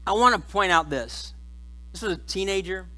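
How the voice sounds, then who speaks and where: A male pastor speaks in a high, bright voice. He preaches in church in a relaxed, joking, conversational way and keeps the story moving. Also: normal speed, low-quality recording. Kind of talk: sermon.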